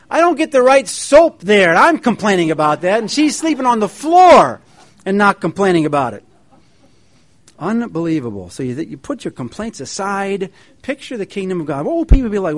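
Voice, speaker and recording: A middle-aged man preaching a sermon, telling folksy stories with animated quoted voices. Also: high voice. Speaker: pastor and feast coordinator. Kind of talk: sermon with anecdotes.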